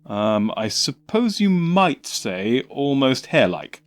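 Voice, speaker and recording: A male audiobook narrator voicing an eccentric alien time traveller who explains in a hurried, hesitant, over-eager way, lifting his pitch above his usual voice. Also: big pitch swings. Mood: flustered.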